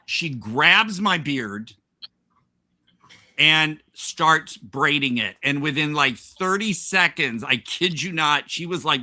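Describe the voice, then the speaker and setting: A man's voice: fairly high pitch, expressive, slow pace, pushed and bright. A man hosting a podcast, telling a rambling workplace anecdote in casual chat with frequent laughs and restarts. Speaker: podcast host.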